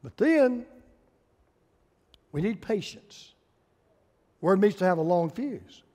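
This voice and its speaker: A male pastor, preaching a sermon with folksy humor and lively storytelling. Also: high voice, slow, big-room sound.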